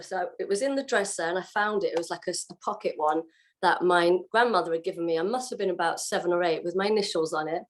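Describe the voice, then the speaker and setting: A woman's voice: lowish voice, fast talker. Woman telling her story animatedly. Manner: animated, acts out what she said and felt. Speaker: guest sharing her testimony. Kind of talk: casual personal storytelling.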